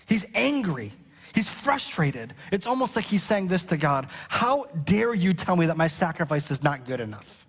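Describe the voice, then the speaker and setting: Pastor, male, high voice, emphatic repetition, long hall reverb. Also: big pitch swings, moderate pace, fairly bright tone, husky. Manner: preaching with rising emphasis, repeating key lines. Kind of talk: sermon. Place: church hall.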